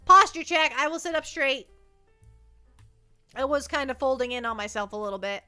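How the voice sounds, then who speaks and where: A woman's voice: sits high, expressive, normal speed, sharp tone, clear, resonant tone, faint music behind. A woman livestreaming from her desk at home, chatting playfully and rambling as she reads chat messages aloud.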